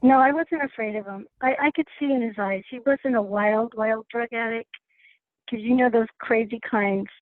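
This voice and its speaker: A woman on a phone call in a class, earnestly telling a personal story with halting restarts. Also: on the high side, steady tone, no echo. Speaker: class participant sharing a story. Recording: tinny phone line, dry.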